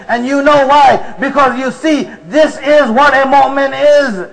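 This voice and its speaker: A man's voice: extremely high pitch, fairly even intonation, a little slow, gravelly, hardly any pauses, a bit bright, low-quality recording. A man preaching to a congregation, retelling a story with emotion and drama. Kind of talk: sermon storytelling.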